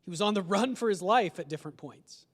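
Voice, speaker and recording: A man's voice: sits high, lively intonation, quick pace. A male pastor preaching a sermon in a conversational way, asking his congregation questions. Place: church sanctuary. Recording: long church hall reverb.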